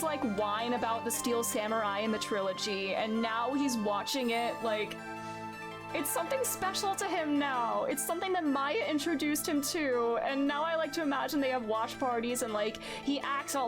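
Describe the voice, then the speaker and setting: A woman streamer chatting excitedly while playing a game and reading its lines aloud. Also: high-pitched, fairly quick. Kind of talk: casual let's-play commentary. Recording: game music loud behind voice. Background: game music.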